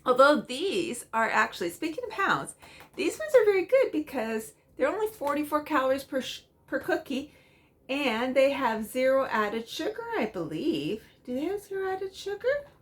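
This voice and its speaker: A woman's voice: high voice, very animated, normal speed. A middle-aged woman chatting casually at home as a cross-stitch vlogger, rambling with frequent ums and small laughs. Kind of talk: casual chatty show-and-tell.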